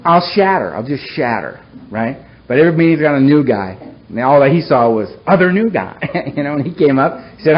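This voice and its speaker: Wry man telling his story. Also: brisk. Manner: wry, self-mocking storyteller, swings from low somber to loud animated. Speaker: recovery meeting speaker. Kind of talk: personal story told to a meeting. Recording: dull lo-fi recording with faint hiss.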